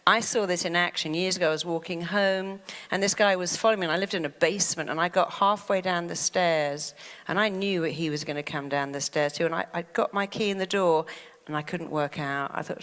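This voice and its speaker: A woman, a therapist, giving a lively motivational talk and acting out panicky inner voices. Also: lowish voice, moderate pace, big-room sound.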